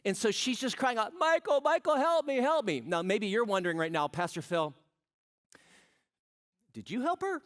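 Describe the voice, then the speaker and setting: Pastor, male, 50s, high voice, sermon delivery, story-driven and playful. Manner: storytelling, humorous asides, asks the crowd questions.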